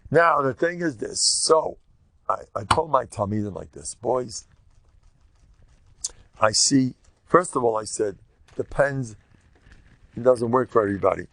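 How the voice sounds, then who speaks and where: Gravelly older rabbi, dry close sound. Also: male voice, medium pitch, normal speed, no echo. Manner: animated, jokey storytelling with many repetitions and Yiddish terms. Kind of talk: Torah lecture.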